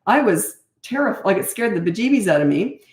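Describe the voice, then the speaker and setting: A middle-aged woman coach talking through parenting questions in a chatty, lively way. Her voice sits at an ordinary middle pitch, and the room around her gives it a noticeable echo. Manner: chatty and animated, quick asides, reads questions aloud. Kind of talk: casual Q&A talk. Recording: roomy echo.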